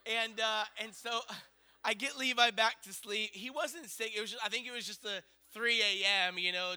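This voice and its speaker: A man in his thirties telling a long personal story in a sermon, rambling and animated, full of fillers. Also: high voice.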